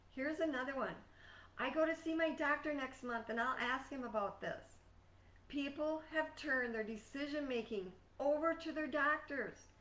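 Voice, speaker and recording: Woman, life coach, earnest, emphatic, measured, fairly high voice, echoey room, distant mic. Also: fairly bright tone. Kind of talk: scripted motivational talk.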